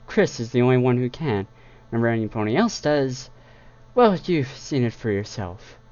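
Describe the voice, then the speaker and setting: A man's voice: mid-range voice, expressive, moderate pace, darkish tone, natural voice. A man voicing a polite, formal pony maid, recorded on a dull lo-fi setup. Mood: courteous. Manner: formal and courteous.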